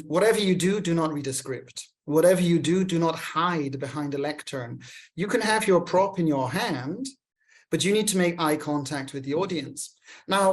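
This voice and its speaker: A man hosting a show, giving energetic, emphatic coaching on public speaking. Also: on the high side. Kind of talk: coaching monologue.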